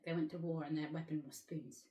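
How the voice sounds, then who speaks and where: A woman's voice: deep voice, a little fast, echoey room. A woman from England chatting casually as host, asking curious questions and laughing often. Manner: giggly, curious, animated questions. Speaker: actress and host. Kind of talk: casual chat.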